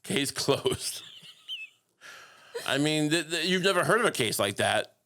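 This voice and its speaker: Male podcast host, bright forceful tone, deadpan absurd rambler. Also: a little high, measured pace, slight background noise. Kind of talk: casual comedic podcast banter.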